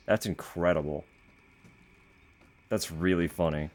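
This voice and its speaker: Low-voiced giggly male streamer. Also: animated, measured pace. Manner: giggly, rambling, often apologizing. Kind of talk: casual live-stream game commentary.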